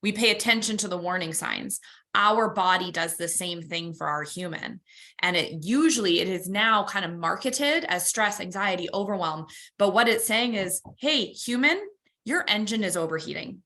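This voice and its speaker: A woman's voice: fairly low pitch, moderate pace, pushed and bright. A woman co-hosting a motivational talk, chatty and self-deprecating, explaining with everyday analogies. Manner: chatty, uses car analogies, laughs at herself. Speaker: co-host.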